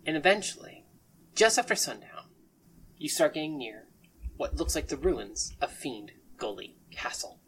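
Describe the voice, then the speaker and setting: A woman narrating as game master of a tabletop game, relaxed and descriptive. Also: low voice, moderate pace, slight background noise, rough recording. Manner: relaxed, descriptive, with casual fillers.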